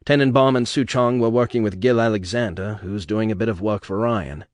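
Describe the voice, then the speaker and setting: A man's voice: fairly low pitch, brisk, no room sound, studio quality, close to an everyday voice. A man voicing a plain-spoken, protective husband with a blunt, easygoing way of talking. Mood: reassuring.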